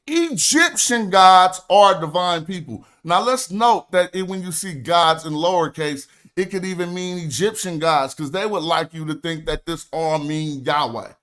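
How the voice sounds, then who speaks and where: A young man with a notably high voice lectures on his stream, pressing his points hard and reading passages aloud from his notes. He talks in an emphatic, argumentative way, like someone out to prove a case. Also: fairly bright tone. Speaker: stream host. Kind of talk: livestream lecture.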